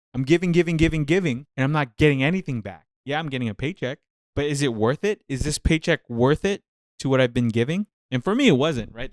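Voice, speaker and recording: A man's voice: medium pitch, clean tone, dry recording, studio quality. A man, a nurse, giving casual reaction commentary on a TV show, passionate and venting, repeating himself as he thinks aloud.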